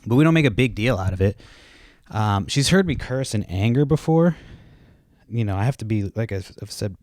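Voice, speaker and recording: Recording at home with kids around, this thirtysomething podcast host has a lowish, darkish voice with lively intonation at normal speed. His talk is profane and rambling, full of self-interruptions and tangents, and the audio is clean with no room sound.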